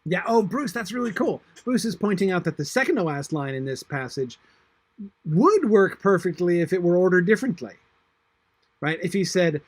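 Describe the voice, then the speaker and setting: A man teaching a literature class, reading verse aloud slowly and thinking aloud with many fillers and restarts. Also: sits high, expressive, husky, no echo. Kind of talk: online class discussion of a poem.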